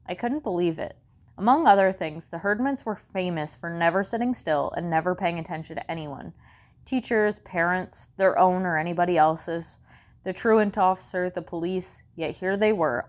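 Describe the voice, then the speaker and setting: A woman reads a first-person children's story in a wry, conversational way. Her voice sits on the low side, and the recording sounds dull and muffled. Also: moderate pace. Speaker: audiobook narrator.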